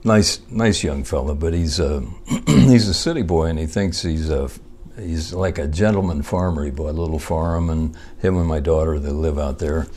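A middle-aged or older man telling long folksy jokes in an unhurried, rambling way, with fillers and chuckles. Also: very deep voice, dark tone. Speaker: joke teller.

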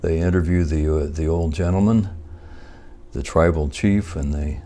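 An older man with a very low, deep voice spins a folksy joke at an easy pace. He rambles along with fillers and small chuckles before he lands the punchline. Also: normal speed, dark tone. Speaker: joke teller.

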